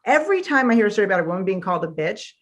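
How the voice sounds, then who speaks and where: A woman's voice: medium pitch, very animated, very fast. A woman author, a guest in a conversational interview, telling stories with animation and acting out the voices she quotes.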